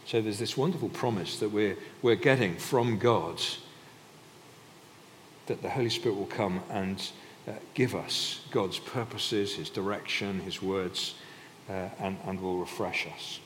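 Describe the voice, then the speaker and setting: Deep-voiced man preaching in a hall. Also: a little slow. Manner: conversational, with frequent restarts and filler. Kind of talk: sermon. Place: church hall. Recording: reverberant hall, faint background noise.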